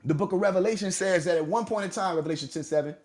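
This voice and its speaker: A man's voice: high voice, very fast, a little mellow. A man lecturing in a preachy way on a live audio chat, posing rhetorical questions and answering them, stretching out key words for emphasis. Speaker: host.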